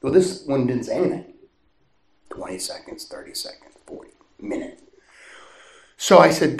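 A man, a priest, preaching by telling a story in a chatty, animated way with bursts of laughter. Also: medium pitch, moderate pace, gravelly, long pauses. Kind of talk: storytelling sermon. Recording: echoey room with faint noise.

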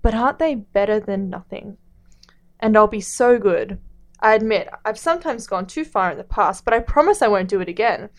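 A woman's voice: medium pitch, lively intonation, a little fast, close to an everyday voice. A woman reading as a pleading lizard creature. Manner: coaxing, soft and pleading.

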